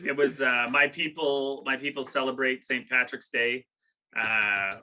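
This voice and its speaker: A man's voice: mid-range voice, steady tone, unhurried, sharp tone, low-quality recording. A middle-aged man co-hosting a comedy podcast, rambling and joking in casual banter that often trails off mid-sentence. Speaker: podcast co-host.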